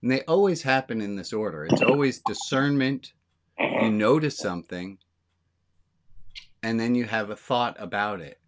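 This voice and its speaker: A man, a rabbi, giving an informal sermon to his congregation, talking candidly and slowing down to stress the lines that matter. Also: on the low side, animated.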